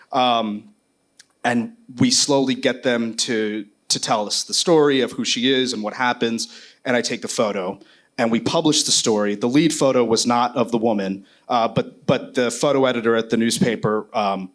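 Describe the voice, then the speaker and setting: Candid man telling a war-reporting story. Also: medium pitch. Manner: casual, candid, with many fillers and restarts. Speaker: war correspondent panelist. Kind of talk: panel discussion storytelling.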